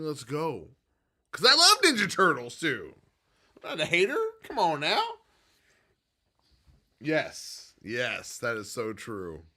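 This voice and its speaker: A man hosting a casual late-night livestream from home, rambling off on tangents and swinging between quiet, low musing and loud, excited bursts. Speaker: livestream host and business owner.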